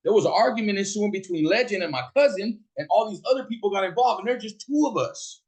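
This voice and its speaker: A middle-aged man from Fresno tells a story of his own in a loose, unscripted monologue. His voice sits a little high for a man. He swears freely and jumps into the voices of the people he is quoting. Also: fast talker. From Fresno, California. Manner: profane, animated, acts out quoted voices. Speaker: host telling a personal story.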